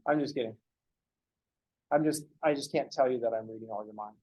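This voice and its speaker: A man's voice: medium pitch, fairly quick, darkish tone, husky, low-quality recording. A man teaching a math class, lecturing casually and going off on joking, rambling asides to his students in a classroom. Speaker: math professor.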